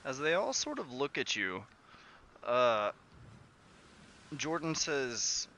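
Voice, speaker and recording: Man running a tabletop game, bright tense voice. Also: medium pitch, slow, pauses often, a little hiss or hum. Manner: relaxed, filler-heavy narration. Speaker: game master.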